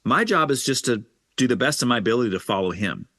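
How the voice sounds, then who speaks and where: A man hosting a casual podcast conversation about faith, telling stories with lively acted-out quotes. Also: mid-range voice, fast, no room sound, clean studio sound. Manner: animated storyteller, acts out quoted voices. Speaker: podcast host.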